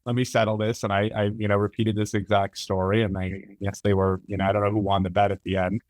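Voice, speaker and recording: A man's voice: fairly low pitch, completely flat delivery, fast talker, no room sound. A man appearing as a podcast guest, chatting casually and explaining at length with agreeable fillers and restarts. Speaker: camera product manager guest. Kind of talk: casual interview chat.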